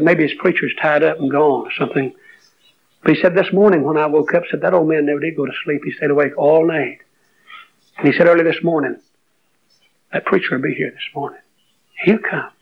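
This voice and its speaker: High-voiced preacher on a dull recording. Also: male voice, a little hiss or hum. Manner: emotional storytelling, rising to fervent exhortation. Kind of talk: sermon.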